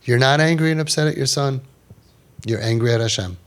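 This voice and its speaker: A man's voice: mid-range voice, a little fast. A man, speaking to parents with passion and acting out their voices as he tells stories, his talk full of Hebrew and Yiddish words. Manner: animated, acts out quoted parents and kids in raised voices; sprinkles Hebrew and Yiddish religious terms. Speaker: parenting podcast host giving guidance.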